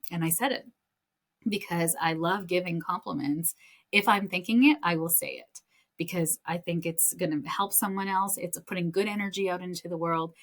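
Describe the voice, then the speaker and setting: Female podcast host, low-pitched, chatty storyteller with fillers, upbeat spiritual chat. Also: fairly bright tone. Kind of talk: casual spiritual talk.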